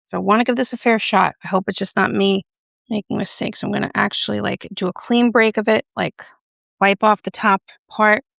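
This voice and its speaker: A chatty woman talks through a makeup review in a playful, joking way. Her voice carries a gravelly edge of vocal fry, and it sounds dry and close, with no room echo. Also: medium pitch, fairly even intonation, brisk, a bit bright. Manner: playful, chatty, jokey asides. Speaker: beauty vlogger.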